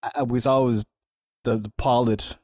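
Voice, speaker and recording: A man co-hosts a chat podcast, telling his stories in an animated way, stopping and restarting as he laughs along. His voice is mellow and warm. It sits at a middle pitch and is recorded dry. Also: dry recording. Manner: animated storyteller, laughs often, halting restarts. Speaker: podcast co-host. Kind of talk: casual chat.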